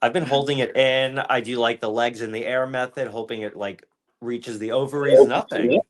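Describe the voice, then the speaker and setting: A man hosting a podcast, trading crude, campy jokes with a sarcastic deadpan delivery. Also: medium pitch, normal speed. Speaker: podcast host. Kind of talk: crude comedic podcast banter.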